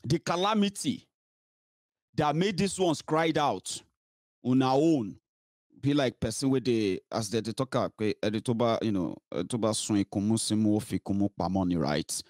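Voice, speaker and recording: A man's voice: mid-range voice, moderate pace, darkish tone, no echo, studio quality. A man with a Nigerian accent giving heated political commentary, mocking and scolding his listeners and slipping into pidgin and Yoruba.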